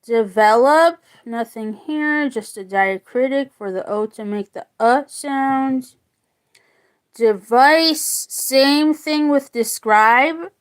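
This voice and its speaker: A woman teaching a spoken phonics lesson, slowly sounding out words and repeating them. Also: high-pitched.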